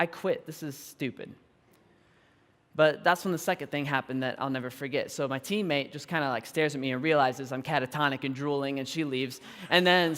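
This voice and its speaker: A pastor in his thirties tells a story from the pulpit, animated and quick to laugh at himself. His voice sits high for a man. The sound carries the long reverb of a big church hall. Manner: animated and self-deprecating, laughing often. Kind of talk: storytelling sermon. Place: large church auditorium.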